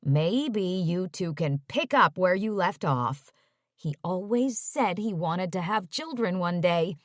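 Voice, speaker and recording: A woman's voice: on the low side, lively intonation, takes it slowly, no echo, clean studio sound. A woman voicing an older mother who gushes and chatters on, talking over everyone, read in an audiobook. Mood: chattering. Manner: effusive, talks over others.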